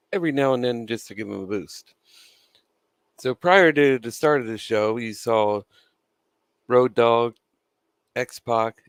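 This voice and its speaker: A man's voice: medium pitch, smooth, no echo. A man chewing gum with a dry mouth, giving casual, opinionated commentary as a wrestling news vlogger, swearing freely and laughing between points.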